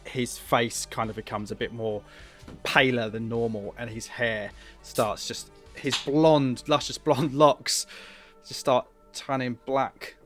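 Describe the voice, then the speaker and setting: A man narrating a tabletop game as game master, relaxed and descriptive. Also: mid-range voice, slow, soft background music.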